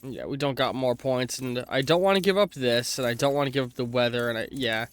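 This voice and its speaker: A man's voice: mid-range voice, a little fast, smooth. Male let's play streamer, chatty, casual commentary, occasional swearing, reads on-screen text. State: clearing throat with heartburn.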